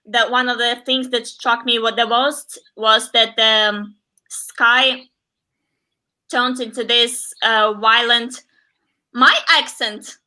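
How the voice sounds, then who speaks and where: A woman's voice: a little high, steady tone, slow, pushed and bright. A woman with a Russian accent and Russian as her first language, a guest on a casual chat, searching for English words and apologizing. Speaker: guest illustrator. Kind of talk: casual video-call chat.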